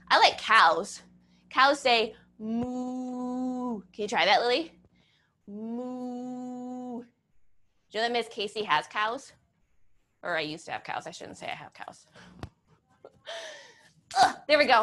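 A woman's voice: a little high, big pitch swings, a little slow, pauses often, pushed and bright. A young woman leading a children's movement class, playful and encouraging, with a sing-song teacher manner. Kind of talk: upbeat children's class with music. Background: children's song playing faintly.

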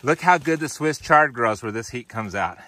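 A man in his forties with a bright, forward voice walks and talks through a snowy farm, filming himself on a handheld camera. He is casual and upbeat with his viewers and keeps calling them guys. He is out of breath from shoveling snow. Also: mid-range voice, animated, moderate pace, no echo. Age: 40s. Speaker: farmer and channel host. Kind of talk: casual walk-and-talk farm vlog. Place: outdoors in snow and inside a greenhouse.

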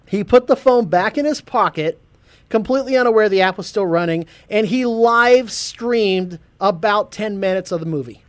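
A man hosting a casual geek news podcast, animated, laughing often and stumbling over his words. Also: sits high, normal speed. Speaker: podcast host.

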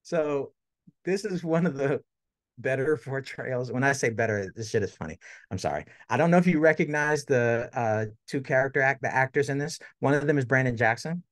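A man's voice: medium pitch, no room sound, clean studio sound. A middle-aged man giving an academic lecture in a conversational way, often checking in with "right?". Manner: conversational, tags points with "right?".

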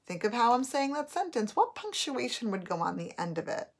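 A woman teacher giving a recorded spelling test, dictating words slowly and repeating each one. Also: fairly high pitch, very animated.

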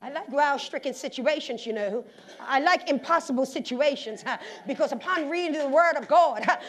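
High-voiced Bermudian woman preaching, faint music. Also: normal speed. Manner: animated preaching, swings from quiet talk to loud shouts, laughing asides. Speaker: pastor. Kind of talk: sermon. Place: church sanctuary.

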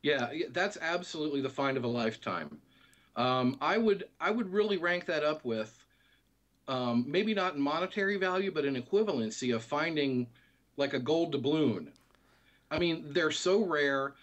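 A man, a guest in a casual interview, explaining things in a relaxed, easygoing way. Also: on the high side, moderate pace, lo-fi sound.

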